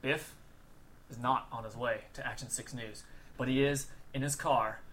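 A man improvising a story in a tabletop game, talking haltingly with many restarts. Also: medium pitch, steady tone, a bit bright, a little hiss or hum. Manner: halting, full of restarts and fillers. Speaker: player.

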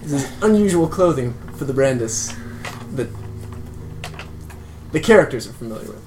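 A man playing a tabletop game, narrating his character's actions haltingly. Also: medium pitch, animated, darkish tone. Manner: halting, many fillers. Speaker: player. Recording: echoey room with background noise.

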